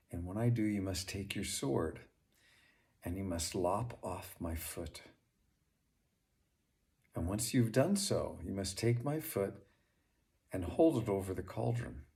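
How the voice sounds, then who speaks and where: A sweet, gentle fairy maiden of the forest gives calm instructions, as a male storyteller puts her on in his own low voice. She speaks tenderly and unhurried, in a storybook tale. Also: full character voice. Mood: calm instructing.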